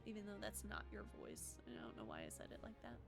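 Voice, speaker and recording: A woman's voice: mid-range voice, wildly swooping pitch, fast, vocal fry. A woman streamer reading game dialogue aloud, with playful joking asides between the lines. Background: game music.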